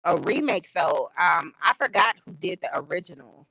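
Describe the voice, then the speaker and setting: A woman's voice: on the low side, lively intonation, normal speed, gravelly, pushed and bright, dry recording, rough recording. A woman hosting a live stream, chatting casually in a candid, opinionated way with slangy everyday talk. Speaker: stream host. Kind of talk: casual chat. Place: home streaming setup.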